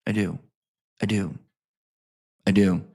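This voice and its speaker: A man's voice: deep voice, fairly even intonation, slow pace, gravelly, warm tone. A man ranting to his viewers, sarcastic and full of swearing, repeating lines for emphasis. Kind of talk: profane sarcastic rant to camera.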